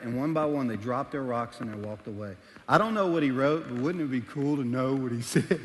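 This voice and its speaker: Middle-aged guy preaching, gets loud then goes quiet, echoey big church. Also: mid-range voice, slight background noise. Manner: animated storytelling, swings between loud and hushed. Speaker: pastor. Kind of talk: sermon. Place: church auditorium. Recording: long reverb of a large hall.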